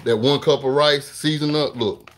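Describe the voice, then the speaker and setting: A man hosting a live cooking stream in his home kitchen, talking straight to viewers in a hurried, repetitive way. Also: a little high, steady tone. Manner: hurried, talks straight to viewers, repeats himself. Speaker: cooking show host. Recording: sizzling pan noise behind.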